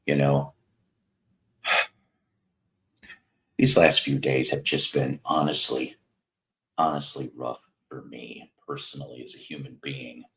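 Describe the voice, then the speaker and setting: Very deep-voiced man in his fifties, slow, sardonic. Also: flat delivery, a bit bright. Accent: American Mid-South. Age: 50s. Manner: rambling, sardonic, talks to chat viewers by name. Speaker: livestream host. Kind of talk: casual livestream chat.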